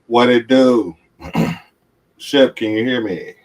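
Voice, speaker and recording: A man on a live show, laid-back and easygoing, speaking at an ordinary pitch as he checks his mic and chats with the host. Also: slow, low-quality recording. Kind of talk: casual chat over a call.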